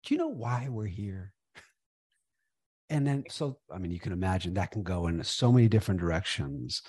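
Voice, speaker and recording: Animated husky-voiced man, guest speaker. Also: sits low, moderate pace, dry recording, clean studio sound. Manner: animated, emphatic, repeats for stress. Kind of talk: conversational interview.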